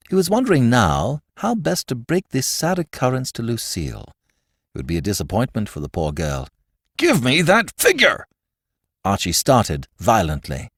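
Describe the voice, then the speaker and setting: A male audiobook narrator who reads a classic tale with plenty of lively rises and falls in his voice. He sits at a middle pitch, and the recording is dry and close. He does the telling with a storyteller's expressive touch. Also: no echo. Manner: expressive, varied storytelling delivery.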